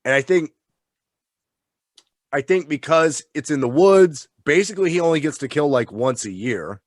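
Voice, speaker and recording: Excitable, swearing guy in tipsy chat. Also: on the high side, moderate pace, dry recording, studio quality. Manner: excited, profane, rambling. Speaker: podcast co-host. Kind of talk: casual chat.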